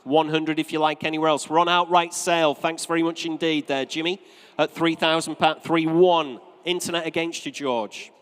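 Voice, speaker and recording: A man with a North East English accent calls a live auction from the rostrum, his voice sitting a little high for a man. He rattles through bids in brisk, repetitive patter and drops in joking asides. The sound carries the long reverb of a big sale room. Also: flat delivery, a bit bright, smooth. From North East England.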